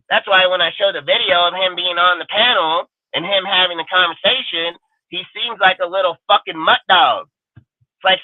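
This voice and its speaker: A man's voice: sits high, expressive, moderate pace, dry recording. A man hosting a fan livestream, ranting in an angry, profane and defiant way. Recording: dry, phone-like narrow sound.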